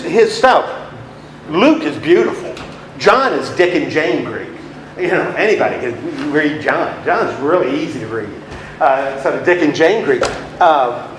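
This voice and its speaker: A man's voice: a little high, slight background noise. A man leading a Bible study class in a chatty, playful way, acting out little scenes for his listeners. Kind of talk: casual Bible class lecture. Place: room with a class. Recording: echoey room.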